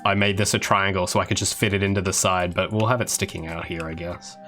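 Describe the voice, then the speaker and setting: Talking to his livestream audience as he works, an Australian game developer rambles with asides and restarted sentences. His low voice barely moves in pitch and is bright and forceful, at a quick pace, with soft music in the background.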